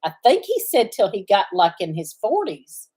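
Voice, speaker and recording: A middle-aged woman with a drawl talks casually to her livestream viewers from the farm. Her speech rambles from thought to thought, with frequent pauses while she searches for a word. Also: mid-range voice, wildly swooping pitch, warm tone, breathy edge. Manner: rambling, often searching for words. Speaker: farm channel host.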